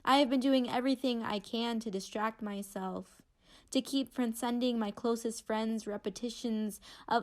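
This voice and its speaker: A woman's voice: a little high, fairly even intonation, normal speed. A young woman performing spoken word in a candid, wry, conversational way. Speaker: student poet.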